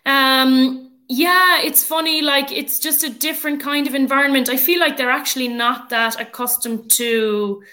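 A woman's voice: high-pitched, steady tone, normal speed, hardly any pauses, pushed and bright. A woman with an Irish accent, a rugby player and coach, chatting casually as a podcast guest with many fillers. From Ireland.

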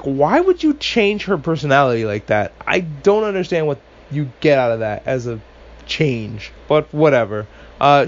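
A man's voice: a little high, highs cut off. A man hosting a casual podcast recap, talking with animation, swearing freely and tossing in sarcastic asides. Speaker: podcast host.

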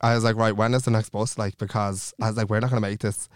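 A young man with a Dublin accent tells a story at a rapid clip, acting out every exchange in quoted dialogue and swearing freely. His voice is smooth and clear. It is recorded close on a dry mic with no room sound. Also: lowish voice, level tone, no room sound. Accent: Irish, Dublin. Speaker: podcast co-host. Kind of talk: casual storytelling chat.

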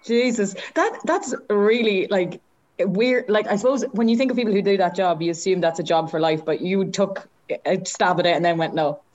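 A woman's voice: mid-range voice, moderate pace, darkish tone, muffled recording. A woman interviewing a guest, chatty and prompting with questions. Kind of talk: casual interview.

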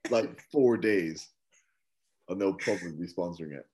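A man co-hosting a football podcast, chatting in a relaxed, rambling way with lots of fillers. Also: low-pitched, normal speed. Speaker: podcast co-host. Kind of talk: casual chat.

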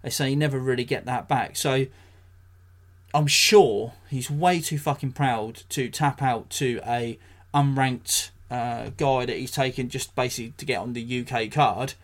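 A man's voice: mid-range voice, measured pace. An English man hosting a solo podcast, talking blunt and sweary, ranting with dry jokes. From England. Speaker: podcast host.

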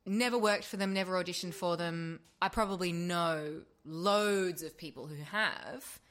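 A woman, an actor and audiobook narrator chatting as a podcast guest, telling animated stories, swearing freely and acting out quoted lines. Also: on the low side, a little slow. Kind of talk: casual podcast chat.

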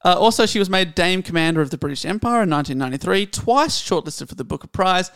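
A man hosting a podcast, chatting playfully and reading book passages aloud slowly. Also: sits high, lively intonation, a bit bright, clear, resonant tone, dry recording, clean studio sound. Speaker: podcast host. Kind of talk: casual chat, reading book excerpts.

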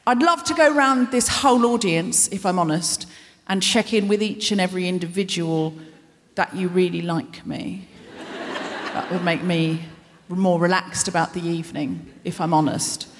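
A woman hosting a comedy podcast live on stage, delivering a rambling, anxious, self-deprecating stand-up monologue. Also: fairly low pitch. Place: large concert hall stage. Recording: long reverb of a big concert hall.

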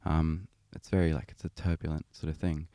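A young man with a mild Australian accent and a very low voice talks casually as a podcast guest. He rambles a little, full of fillers and restarts. The sound is dry and close. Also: little pitch movement, a little fast, warm tone, dry recording. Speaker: podcast guest, singer-songwriter. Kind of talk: casual interview chat.

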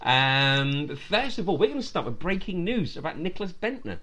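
A man's voice: a little high, very animated, normal speed, bright, forceful tone. A man hosting a casual football podcast, jokey and laughing often. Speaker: podcast host.

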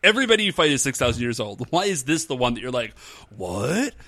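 Speaking very fast at a medium pitch, this podcast co-host laughs and jokes his way through a recap of a TV episode. The conversation is casual and animated.

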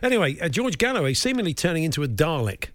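A man's voice: on the high side, big pitch swings, quick pace, fairly bright tone. A man hosting a radio show, introducing old clips with wry, dry asides and chuckles. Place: radio studio. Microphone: studio microphone.

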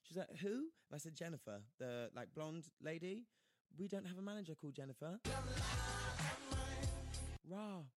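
Animated man telling a story. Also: fairly high pitch, moderate pace, pauses often, loud music behind the voice. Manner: animated, acts out quoted voices, slangy. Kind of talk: casual storytelling chat.

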